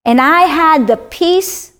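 Woman, from Florida, high voice, animated storyteller, chatty, faith testimony. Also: slow. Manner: animated storyteller, self-described talker. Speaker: guest sharing a faith testimony. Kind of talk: conversational testimony.

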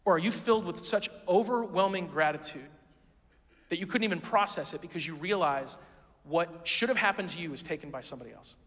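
A man's voice: high-pitched, a little fast, a bit bright, long reverb tail. A man preaching a sermon as pastor, in a casual, conversational way full of rhetorical questions.

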